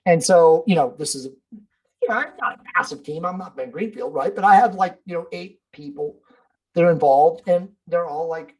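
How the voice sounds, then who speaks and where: A man's voice: a little high, normal speed, a little mellow, low-quality recording. A man as a podcast guest, talking in a blunt, emphatic way, swearing and calling the host bro and dude. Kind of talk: casual interview talk.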